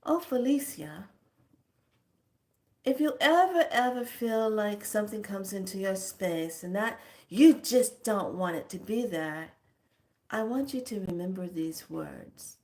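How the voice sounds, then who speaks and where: Woman doing a higher, lilting voice for a knowing mystic shop lady who dabbles in dark stuff. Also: animated, measured pace. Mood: confiding. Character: mysterious woman shopkeeper into dark magic, calm and knowing.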